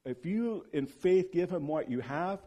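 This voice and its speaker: Man preaching an animated sermon. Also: unhurried, dull audio. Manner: animated storyteller who acts out quoted speech; drops to a hushed, low voice for solemn points.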